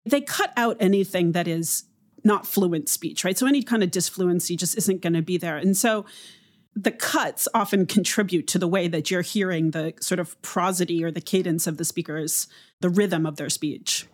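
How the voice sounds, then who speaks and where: A woman linguist explaining speech features in a measured, academic interview manner. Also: fairly low pitch. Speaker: linguist guest.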